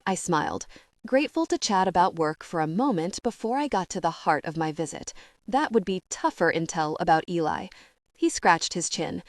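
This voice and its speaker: Female audiobook narrator for a first-person romance, conversational and expressive, lower register, dry studio sound. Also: normal speed, no echo.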